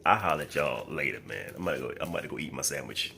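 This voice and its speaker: A man's voice: a bass voice, expressive, fast, vocal fry, bright, forceful tone, a little hiss or hum. A middle-aged man vlogging casually to camera, swearing and laughing in disbelief while annoyed. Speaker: YouTube host unboxing a purchase.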